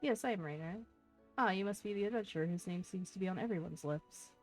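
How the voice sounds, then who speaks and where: A woman's voice: on the low side, quick pace, faint music behind, close to an everyday voice, low-quality recording. A woman voicing a formal, weary male naval commodore, reading his game lines aloud with dry courtesy. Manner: courteous, stiff, dryly put-upon.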